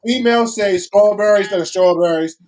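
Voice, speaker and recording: A man with a Baltimore accent co-hosting a casual podcast chat. He tells stories with animated energy and teases his co-host. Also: high voice, a little fast. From Baltimore, USA. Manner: animated storyteller, teasing and laughing.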